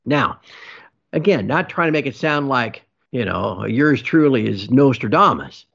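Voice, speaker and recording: Gloomy, wry middle-aged man, lively pitch. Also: husky. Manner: wry, self-deprecating, gloomy humor. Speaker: precious metals site host. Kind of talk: casual podcast chat. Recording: dull lo-fi audio.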